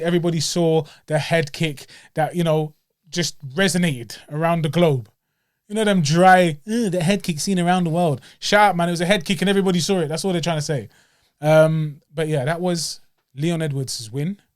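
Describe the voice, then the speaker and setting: A man from England hosting a podcast in casual chat, mocking and swinging between loud and soft. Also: a little high, normal speed, dry recording, clean studio sound. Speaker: podcast host.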